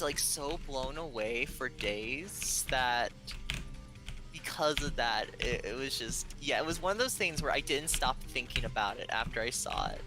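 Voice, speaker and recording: A guest chatting casually and enthusiastically, rambling with many fillers. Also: mid-range voice. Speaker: guest, former game play tester. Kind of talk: casual chat.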